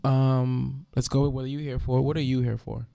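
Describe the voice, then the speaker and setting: A woman's voice: extremely low pitch, level tone, normal speed, gravelly, dark tone, no echo, clean studio sound. A woman, hosting a casual radio chat show with loose, joking, profane talk and slightly congested sinuses. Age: 20s. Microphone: studio mic.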